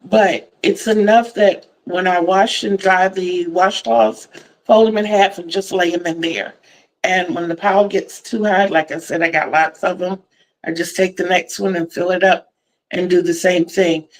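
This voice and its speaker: A woman's voice: fairly low pitch, steady tone, measured pace, poor audio. An older woman from Virginia, hosting a casual crochet livestream in a chatty, effusive way and repeating words for emphasis. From Virginia, USA.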